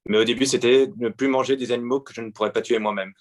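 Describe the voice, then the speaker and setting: Guest artist, man from France, forties, mid-range voice, halting delivery full of fillers. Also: mid-range voice, fairly even intonation. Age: 40s. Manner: hesitant, many pauses and fillers. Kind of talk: answering interview questions.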